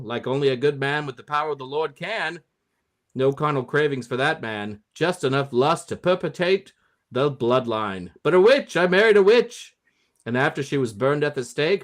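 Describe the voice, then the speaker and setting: A man's voice: fairly high pitch, close to an everyday voice. A man doing a pompous 1940s governor. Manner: old-timey mid-Atlantic announcer delivery. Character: pompous 1940s male governor, smug and boastful. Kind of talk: comic monologue.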